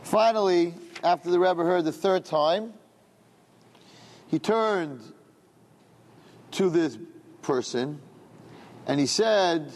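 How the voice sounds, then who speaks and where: Man, rabbi giving a class, animated storyteller, fairly high voice, long hall reverb. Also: takes it slowly, pauses often. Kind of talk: storytelling lecture.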